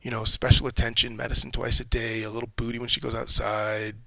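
A man's voice: medium pitch, level tone, fast talker, creaky, bright, forceful tone, a little hiss or hum. A man hosting a podcast, a military veteran, talking in a rambling, candid, reflective way and cursing casually. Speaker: podcast host.

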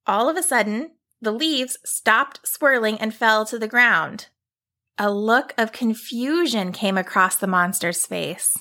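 Slow, bright-voiced woman storyteller. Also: a little high. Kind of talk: children's story narration.

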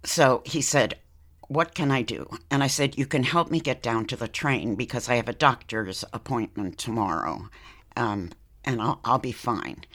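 An older woman, a podcast guest, recounting a personal story in a lively conversational way, laughing now and then. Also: extremely low pitch, normal speed.

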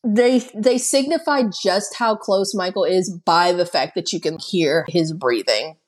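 With a fairly low voice and a slightly slow delivery, this woman co-hosts a podcast where she laughs and curses her way through a casual movie recap.

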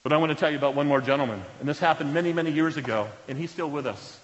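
A man preaching a sermon as a pastor, telling stories earnestly and dropping to a hush at solemn moments. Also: on the high side, racing. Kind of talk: sermon storytelling. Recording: reverberant hall, dull lo-fi sound.

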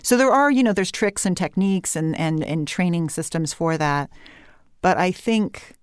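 A Californian woman speaks as a voice coach in an animated interview. Her voice sits fairly low for a woman and sounds smooth and resonant. She is recorded close on a dry microphone. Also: moderate pace, no echo. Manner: animated explanatory talk with light vocal fry and uptalk. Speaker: voice and speech coach. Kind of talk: interview conversation.

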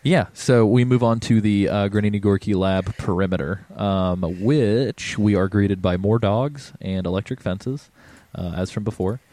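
Low-voiced rambling podcast guy. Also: normal speed, dark tone, no room sound. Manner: rambling, swears freely, many ums. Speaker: podcast host. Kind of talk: casual podcast chat.

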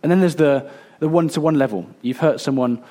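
A man in his thirties preaching a sermon, earnest and a little halting, with fillers and restarts. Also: a little high, mellow. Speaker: pastor.

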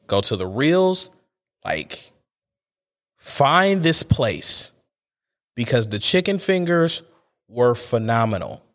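A young man hosting a solo podcast, ranting in a casual, exasperated way about a small everyday gripe. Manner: animated, exasperated ranting with big pitch swings. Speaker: podcast host.

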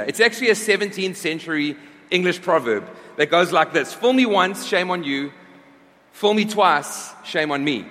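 Man, pastor, high voice, chatty sermon, trails off and repeats himself, long echoing hall reverb. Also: a bit bright. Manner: conversational, restarts and repeats phrases. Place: church service.

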